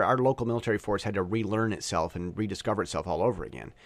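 A man's voice: fairly low pitch, dry recording. Man, solo podcaster, casual rambling monologue, stammering restarts, dry close recording.

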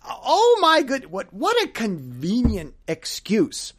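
A man's voice: extremely high pitch, wildly swooping pitch, slow pace. Stammering sarcastic man on a podcast. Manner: stammering, sarcastic storyteller with many restarts. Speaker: podcast host. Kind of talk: rambling solo podcast monologue.

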